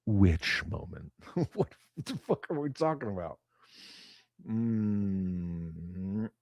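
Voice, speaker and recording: A man's voice: lowish voice, expressive, no echo. Profane man hosting a live chat. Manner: profane, blunt, quick swings between loud and muttered. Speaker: livestream host. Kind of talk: casual livestream chat reading viewer comments.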